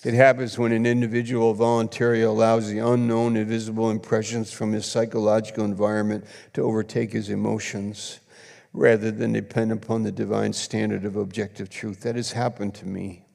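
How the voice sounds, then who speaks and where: Gravelly pastor preaching in a reverberant church. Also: male voice, fairly low pitch, flat delivery, fairly quick. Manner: emphatic bursts and soft confiding drops. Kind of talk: sermon. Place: church sanctuary. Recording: long church hall reverb.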